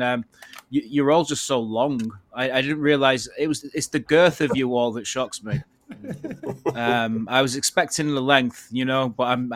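Animated joking guest. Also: male voice, medium pitch, dry recording. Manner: animated, jokey, puts on dramatic voices. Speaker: podcast guest. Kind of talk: casual banter.

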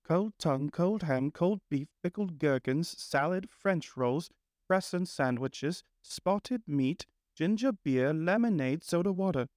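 A man voicing a genial, dreamy male water rat in a storybook, solemn and musing, jumping up high when excited. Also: slow, no room sound, clean studio sound. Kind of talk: storybook character reading.

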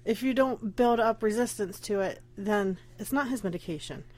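A woman's voice: mid-range voice, normal speed, darkish tone. Young woman, podcast host, pregnant, emotional, near tears, rambling and candid, nervous laughter. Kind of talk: casual personal podcast.

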